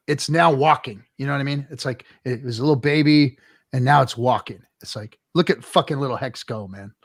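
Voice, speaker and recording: A male host of a live crypto chat, excitable and profane, fired up as he talks. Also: medium pitch, vocal fry. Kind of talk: casual livestream chat.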